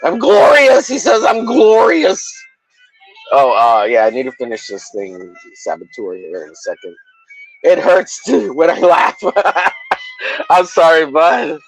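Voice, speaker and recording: A man hosting a livestream in rowdy, crude casual chat, often bursting into shouted, mock-bullying banter. His voice sits high with a gravelly fry and leaps all over the place. Soft music plays faintly behind him. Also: sing-song, a little slow, poor audio. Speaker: livestream host.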